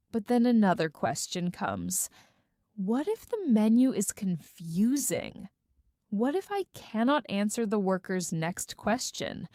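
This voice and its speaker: Woman reading a graded story aloud, deliberate pace, dry close sound. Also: medium pitch, dry recording. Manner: careful, deliberate, expressive reading. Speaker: narrator. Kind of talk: slow graded-reader story narration.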